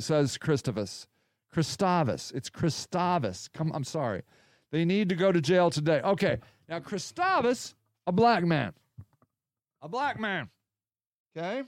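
A man hosts a casual solo podcast, reading viewer comments aloud and answering them in a rambling, sarcastic way. His voice sits high and sounds smooth and clear. The mic is close and dry, with no room sound. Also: a little mellow, no echo. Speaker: podcast host.

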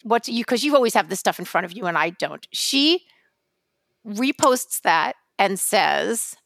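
A woman co-hosting a casual podcast, telling stories in an animated, theatrical way, with swearing and acted-out asides. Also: mid-range voice, measured pace, gravelly, dry recording, studio quality. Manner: animated, theatrical storytelling with profanity. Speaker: podcast co-host.

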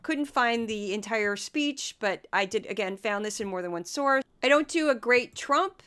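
A hoarse woman hosting a podcast, talking in a chatty, sarcastic and self-deprecating way. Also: on the high side, animated, moderate pace, a bit bright. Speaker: podcast host. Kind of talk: casual commentary podcast.

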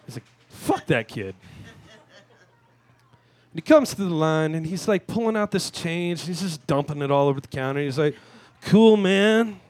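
A man in his thirties hosting a live talk show, delivering a crude, self-mocking comic monologue with sudden shouted rants. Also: on the high side, fast talker, hardly any pauses. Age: 30s. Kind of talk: stand-up style monologue. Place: live venue stage.

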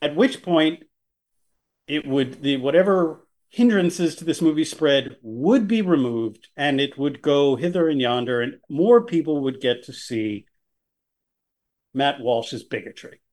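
A man co-hosting a political podcast, talking in a sarcastic, animated way with jokey asides. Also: a little high, a little slow. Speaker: podcast co-host. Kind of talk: casual political podcast chat.

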